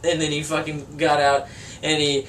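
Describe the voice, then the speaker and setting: A young man telling a rowdy story with lots of swearing and laughter, his voice a bit on the high side. He sits some distance from the mic, with a faint room hum behind him. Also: monotone, moderate pace, a bit bright. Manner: rambling and profane, laughing through his story. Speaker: band member. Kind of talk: casual storytelling in an interview.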